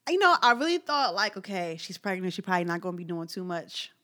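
A woman's voice: on the low side, big pitch swings, quick pace, bright, forceful tone. Woman co-host, blunt opinions, laughs a lot, casual chat. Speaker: podcast co-host.

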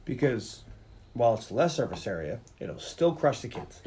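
Man with a lively, jokey voice. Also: mid-range voice, normal speed. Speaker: podcast co-host. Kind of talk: casual chat, wry interjections.

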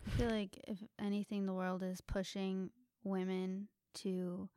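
A woman's voice: mid-range voice, completely flat delivery, a little slow, dark tone, smooth, no room sound, clean studio sound. A young woman co-hosting a casual faith discussion, affirming and summing up what the others say. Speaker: co-host.

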